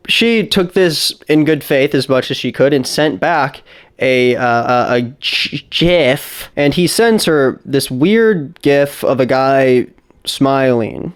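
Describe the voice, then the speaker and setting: Man, YouTube commentary, blunt, indignant, smooth resonant voice. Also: medium pitch, expressive, takes it slowly. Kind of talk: casual commentary.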